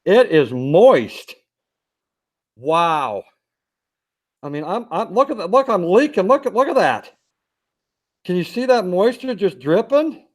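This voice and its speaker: A man's voice: sits high, sing-song, slow pace, long pauses, a little mellow. A man co-hosting a casual live stream, plain-spoken and enthusiastic, often tagging "okay?" onto what he says. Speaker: co-host.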